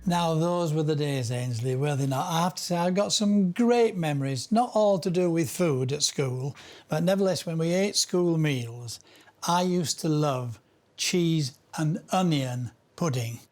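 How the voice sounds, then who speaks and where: A man's voice: a little high, measured pace, a little mellow. An older man demonstrating a recipe, explaining each step plainly. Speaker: chef. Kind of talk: cookery demonstration. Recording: guitar music underneath.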